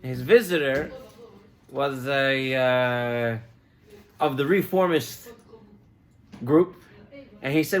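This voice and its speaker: A man giving a sermon as a rabbi, telling a story in a lively way and mixing in Hebrew terms. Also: medium pitch, takes it slowly, pauses often.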